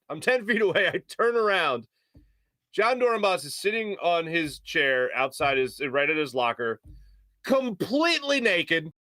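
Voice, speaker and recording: A male sports radio host, telling a story on air in an animated way. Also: high-pitched, dry recording. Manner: animated storyteller, mimics shouting voices. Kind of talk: storytelling on a sports talk show. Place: radio studio.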